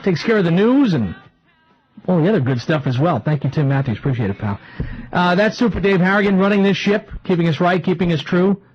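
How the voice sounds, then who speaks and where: A man hosting a live talk radio show from a small studio, rambling and excitable, often restarting his sentences. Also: high voice, a little fast, faint music behind. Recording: lo-fi radio broadcast.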